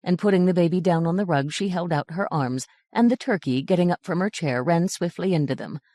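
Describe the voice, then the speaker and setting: Low, dry-voiced woman reading a fairy tale. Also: brisk, mellow, dry recording. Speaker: audiobook narrator. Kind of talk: scripted storybook narration.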